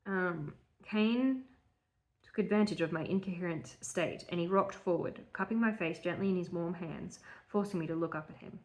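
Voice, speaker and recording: A woman co-hosting a podcast, reading her own old story aloud and breaking off for quick asides. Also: lowish voice, rough recording. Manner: reads with quick asides and laughter. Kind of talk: casual chat and reading aloud.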